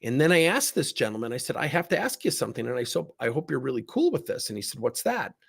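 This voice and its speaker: Middle-aged coach guy, gravelly husky voice, acts out both sides of his stories, pitch all over the place. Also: fast. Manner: animated storyteller, acts out both sides of conversations. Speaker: leadership coach. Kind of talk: livestream talk with acted anecdotes.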